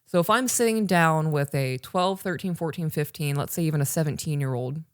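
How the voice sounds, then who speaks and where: A woman in her thirties, co-hosting a parenting podcast recorded live for online patrons, keeps the talk casual while pressing her points emphatically to the listener. Her voice sits low and moves fairly quickly, in studio quality with no room sound.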